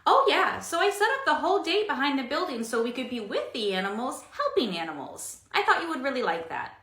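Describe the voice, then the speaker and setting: Sweet young guy played by a woman, gentle and eager, bright voice, echoey room. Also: sits high, sing-song, fairly quick. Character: sweet thoughtful young male coworker.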